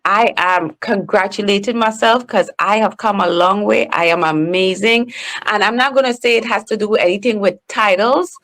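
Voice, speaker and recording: A woman's voice: mid-range voice, a bit bright. A woman with a Trinidadian accent, a professional speaker talking candidly and emphatically as a podcast guest. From Trinidad and Tobago. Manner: candid and emphatic, slows down on purpose. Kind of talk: casual conversation.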